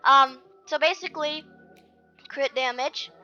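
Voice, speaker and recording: Bright high-voiced woman, rambling game commentary. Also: measured pace. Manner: rambling, with many fillers and restarts. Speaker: gaming video creator. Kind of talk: casual gameplay commentary. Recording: dull lo-fi mic with faint music.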